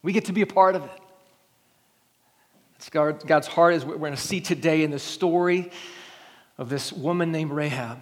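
A man's voice: fairly high pitch, normal speed, pauses often. A man preaching a sermon as pastor, earnestly building emphasis as he tells the scripture story. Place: church sanctuary. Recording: long reverb of a church hall.

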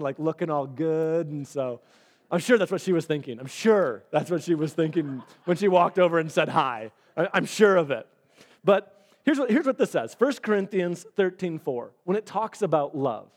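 A man preaching a sermon as a pastor, talking conversationally and acting out little dialogues. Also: a little high. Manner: animated, conversational, acts out dialogue.

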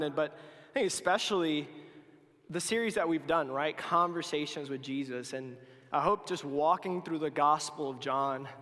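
A man's voice: a little high, fairly bright tone. A young man giving a casual youth sermon, chatty and full of restarts and filler words, poking fun at his own slips. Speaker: youth speaker. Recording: long hall reverb.

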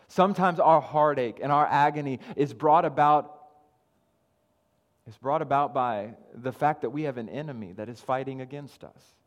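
A man preaching a sermon as pastor, earnest, often repeating words and swinging between loud emphasis and quiet asides. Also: medium pitch, moderate pace, big-room sound.

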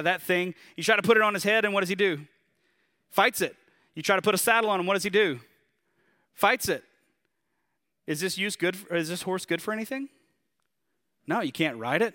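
Southern guy preaching, kinda high bright punchy voice, talks casual, lots of questions. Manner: conversational and animated, with rhetorical questions. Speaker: pastor. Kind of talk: sermon.

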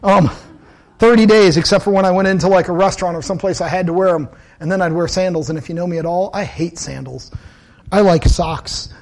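Man, pastor, sermon, fairly high voice, earnest and conversational, repeats phrases. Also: a little fast. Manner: earnest, conversational preaching with personal stories.

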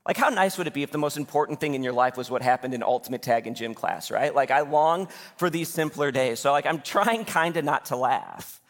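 A man in his thirties preaching a sermon in a church in a lively, conversational way with casual asides. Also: mid-range voice, brisk, hardly any pauses, long reverb tail. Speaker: pastor. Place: church sanctuary.

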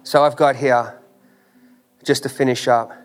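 A man's voice: mid-range voice, fairly even intonation, unhurried, soft background music. A man preaching a sermon with an emphatic, repetitive cadence, full of rhetorical questions and casual phrasing. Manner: informal, drops into "ain't". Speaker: pastor.

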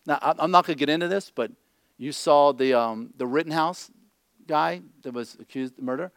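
Blunt, joking pastor with a higher voice. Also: male voice, normal speed, clean tone, no room sound, clean studio sound. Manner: blunt, joking asides, repeats "okay?". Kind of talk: conversational sermon.

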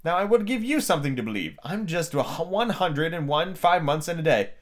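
Brief: man playing a flustered old queen, pitch climbing into squeaks, storybook reading. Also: expressive, a little fast, natural voice. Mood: prim. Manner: rising into a squeak. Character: flighty, scatterbrained old queen, woman.

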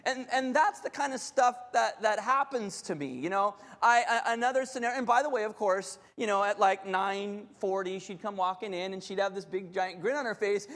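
A middle-aged pastor, preaching in a very high voice that rings through a large reverberant hall. He tells candid stories against himself, stumbling and restarting as he goes. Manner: candid, self-deprecating, animated storytelling with many restarts. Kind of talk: sermon with personal storytelling.

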